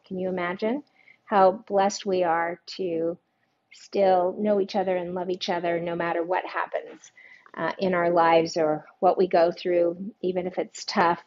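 A woman's voice: lowish voice, a little mellow, lo-fi sound. Chatty older woman cooking live. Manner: chatty, jokey, greets viewers by name. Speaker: cooking show host. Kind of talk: live-streamed cooking demo.

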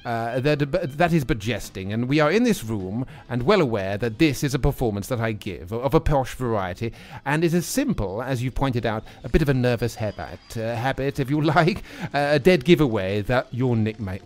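A man's voice: medium pitch, expressive, moderate pace, hardly any pauses, natural voice. An actor playing a nervous young male drama student who witters on in a put-on posh voice, stammering and hesitating. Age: young adult. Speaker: radio sketch actor.

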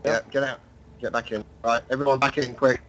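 A man leading a squad on gaming voice chat, brisk and giving quick orders. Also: mid-range voice, level tone, lo-fi sound, slight background noise. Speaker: squad leader and stream host.

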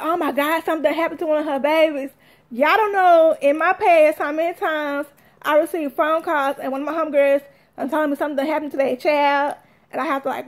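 High-voiced chatty woman vlogger. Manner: animated, chatty, addresses viewers as y'all. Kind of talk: casual storytelling to viewers.

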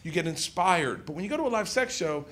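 A man's voice: on the high side, lively intonation, fast talker, heavy background noise. A man doing stand-up comedy, a rambling storyteller who keeps laughing through his bits, hungover.

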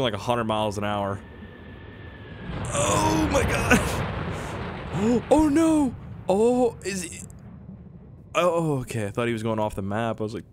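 A young gaming video host with a cold, coughing as he goes, gives casual gameplay commentary. His medium-pitched voice comes across excitable, rambling and jokey.

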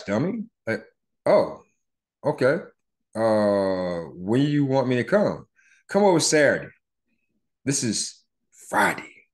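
A middle-aged man hosting a podcast, telling a personal story in a casual, profane way and acting out the voices of the people in it. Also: medium pitch. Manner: animated, profane, acts out voices in his retelling. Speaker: podcast host.

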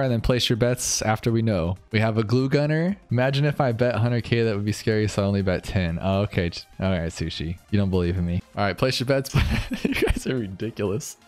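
Excitable man streaming a tower defense game. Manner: excitable, talks to chat, jumps to high yelps when tense. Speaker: gaming streamer. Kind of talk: live gameplay commentary.

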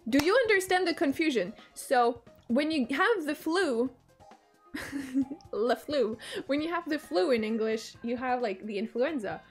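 Streaming a game, a young Quebecois woman who grew up speaking Quebec French keeps up casual, rambling chatter, giggling, swearing freely and poking fun at herself. Her voice is high and expressive, her pace unhurried, with faint music behind.

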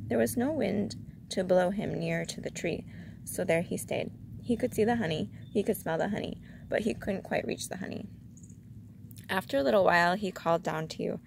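A woman reading a children's storybook aloud in a calm, measured way. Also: lowish voice, gravelly, background noise.

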